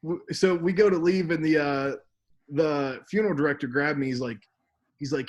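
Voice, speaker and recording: Animated young man telling a story. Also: a little high, moderate pace. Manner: animated, laughing, acts out quoted voices. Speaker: podcast co-host. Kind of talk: casual storytelling chat.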